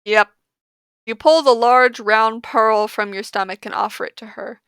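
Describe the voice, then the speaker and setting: A woman's voice: a little high, unhurried, fairly bright tone, clean tone, dry recording. A woman playing a text-based game, reading its passages aloud and giggling through casual reactions in between. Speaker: let's player.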